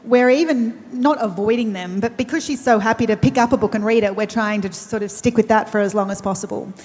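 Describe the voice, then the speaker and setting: A woman's voice: fairly high pitch, fast, a little mellow. A woman with an Australian accent, speaking earnestly and personally as a panelist, with frequent restarts. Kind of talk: conversational panel talk. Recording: long reverb of a large event hall.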